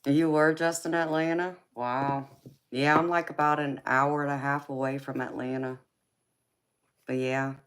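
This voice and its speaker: Southern lady talking real slow and low on her live stream, sweet with the chat, calls everyone honey. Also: level tone, clean tone. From California. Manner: soft-spoken, affectionate, calls viewers honey and baby. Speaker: livestream host and tarot reader. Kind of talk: casual live chat with viewers.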